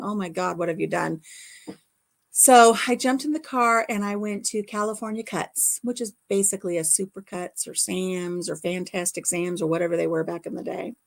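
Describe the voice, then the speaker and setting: Middle-aged woman, from the US, casual chat, rambling storyteller, repeats phrases. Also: mid-range voice. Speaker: vlogger chatting with viewers.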